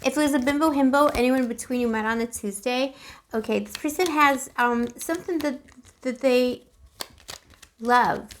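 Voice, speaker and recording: A woman's voice: sits high, moderate pace, slight background noise. A woman giving a casual, chatty tarot reading to camera. She is emotional and keeps calling the listener boo. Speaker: tarot reader.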